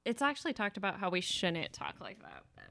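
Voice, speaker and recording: A young woman co-hosting a casual podcast, goofy and quick to laugh, chatting with a friend. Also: medium pitch, huge pitch swings, bright, forceful tone, no room sound, studio quality. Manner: goofy, laughs often, slips into a news-reporter voice. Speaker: podcast co-host. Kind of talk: casual chat. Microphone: podcast microphone.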